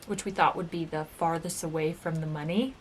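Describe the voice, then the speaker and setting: A woman recalling her time as a game show contestant in a casual reaction video, chatty and full of filler words, sometimes dropping to a soft whisper. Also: deep voice, fairly even intonation, fairly quick, slight background noise. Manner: chatty storytelling, lots of filler "like".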